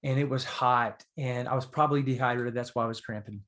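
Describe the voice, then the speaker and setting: Earnest, animated male storyteller. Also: medium pitch, brisk. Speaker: podcast guest, author. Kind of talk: casual storytelling.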